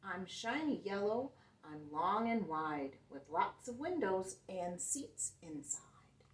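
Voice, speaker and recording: A woman's voice: medium pitch, sing-song, takes it slowly. A woman playing a kind motherly school bus. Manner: gentle, reassuring. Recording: roomy sound, mic at a distance.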